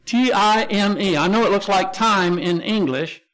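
This pastor's voice sits high and fairly bright, his pace a little slow, and he has a Texan accent. He explains Greek words one by one in his Bible lesson, spelling each letter and restarting often.

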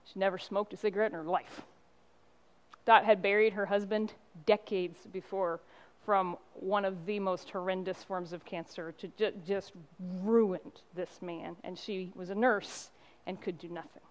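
A middle-aged woman pastor giving a sermon, telling stories and driving points home with emphatic pauses. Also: mid-range voice, fairly even intonation. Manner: impassioned preaching with storytelling and emphatic pauses.

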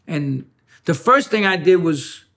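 A man's voice: on the high side, sing-song, measured pace, a bit bright. A man telling a personal story as an interview guest, acting out quotes and knocking sounds. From New York City.

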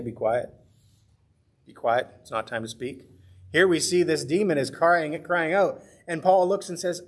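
Husky-voiced pastor teaching Bible study. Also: male voice, a little high. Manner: earnest, conversational, acts out quoted voices.

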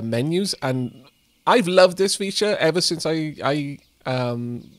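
A man's voice: mid-range voice, no room sound. A young man casually commentating while playing a game, joking and reading text aloud. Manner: playful, reads text aloud, jokes, many fillers. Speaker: let's play host.

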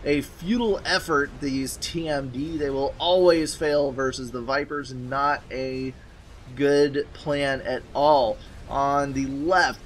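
A man casting a real-time strategy match, giving calm running commentary with dry, wry asides. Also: fairly high pitch, slight background noise. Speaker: game caster. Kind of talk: game commentary.

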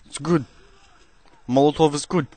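A man doing gameplay commentary in a cheesy put-on Russian accent, speaking halting, broken English into a headset. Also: a little high, fairly even intonation, warm tone, dry recording. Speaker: gaming commentator.

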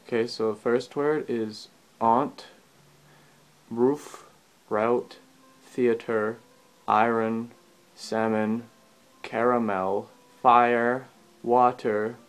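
A man's voice: mid-range voice, steady tone, drawn-out words, long pauses, clean tone. A man from Alberta with a Canadian accent, chatting casually to camera and reading a list of words aloud with little asides. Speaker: vlogger.

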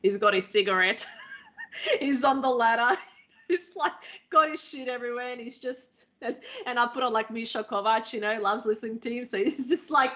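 A woman, hosting a casual interview and telling stories in a lively, laughing way. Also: a little high, normal speed. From Croatia. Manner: lively, laughing, slangy with "man". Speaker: podcast host.

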